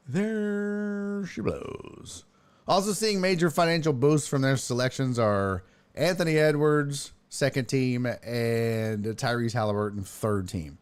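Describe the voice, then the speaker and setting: Lively, profane man hosting sports talk. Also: medium pitch. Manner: animated, profane, reads chat aloud and jokes. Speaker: sports talk show host. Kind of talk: casual live-stream sports talk.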